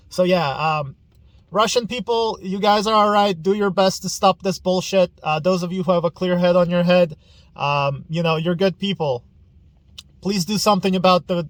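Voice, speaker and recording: Young man, blunt and profane, emotional, slightly high voice, casual vlog. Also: dry recording. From Ukraine. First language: Ukrainian. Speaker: podcast host.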